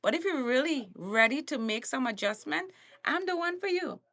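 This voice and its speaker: A woman's voice: high voice, animated, normal speed, a bit bright. A woman from Trinidad with a Trinidadian accent, a coach and comedian speaking bluntly on a podcast, laughing often and acting out quotes. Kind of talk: animated podcast conversation.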